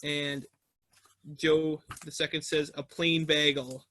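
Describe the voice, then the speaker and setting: A young man improvising a story in a halting way, with many fillers. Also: fairly high pitch, flat delivery, pushed and bright. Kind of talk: improvised round-robin storytelling.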